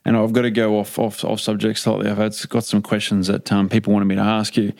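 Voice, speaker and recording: A man's voice: on the low side, completely flat delivery, fast talker, gravelly, a little mellow, no echo. A man hosting an interview, asking his questions casually and with hesitant restarts.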